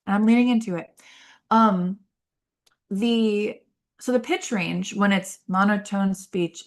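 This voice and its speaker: Young woman, podcast host explaining therapy, chatty with lots of fillers, vocal fry. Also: medium pitch, slow. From Baltimore. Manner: chatty, many fillers and tangents. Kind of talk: casual educational talk.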